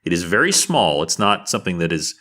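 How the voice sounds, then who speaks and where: Deep-voiced man running a tabletop game. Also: very animated, brisk, sharp tone. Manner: casual, chatty, with fillers and asides. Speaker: game master.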